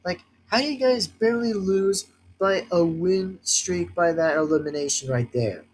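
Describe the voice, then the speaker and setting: A man's voice: high-pitched, moderate pace, a little hiss or hum, low-quality recording. A man vlogging a casual sports rant, rambling and repetitive with lots of filler words and sarcastic, exasperated complaints.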